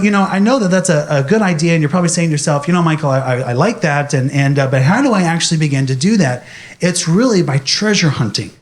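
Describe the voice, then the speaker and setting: A young man speaking animatedly to an audience, telling a personal story in a motivational talk. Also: on the high side.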